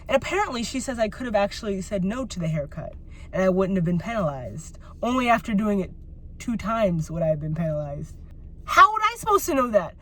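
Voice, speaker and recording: A woman's voice: mid-range voice, sing-song, fairly quick, bright, forceful tone. Exasperated woman venting in a vlog. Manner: venting, exasperated, rambling with many "like"s. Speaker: vlogger. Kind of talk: personal vlog rant.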